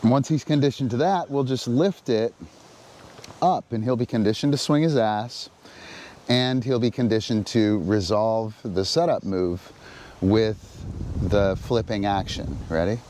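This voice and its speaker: A man demonstrating dog training on a live stream, explaining in halting, relaxed speech between short sharp cues to the dog. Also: fairly low pitch, slight background noise.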